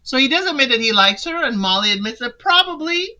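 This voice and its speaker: Woman, casual recap host, sassy, animated pitch, bright tone. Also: brisk. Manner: sassy, talks straight to the people she discusses.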